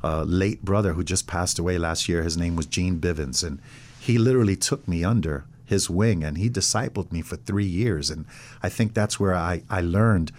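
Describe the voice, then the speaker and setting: Recounting his faith journey in an interview, this middle-aged pastor speaks at normal speed in a low, slightly mellow voice. He gives voice to the characters in his testimony as he goes.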